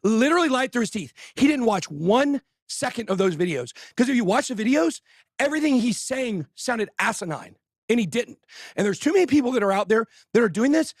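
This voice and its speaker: Man, very high voice, lively swings, husky, dry close sound, heated ranting host. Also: no echo. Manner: loud, fired-up ranting, shouting insults. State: out of breath. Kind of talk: ranting livestream talk.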